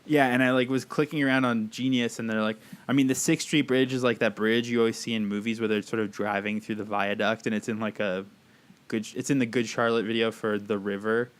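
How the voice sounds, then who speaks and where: A man's voice: fairly low pitch, fairly even intonation, a little fast. A man co-hosting a casual podcast chat, rambling with lots of fillers and reading aloud in a wry tone. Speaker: podcast co-host.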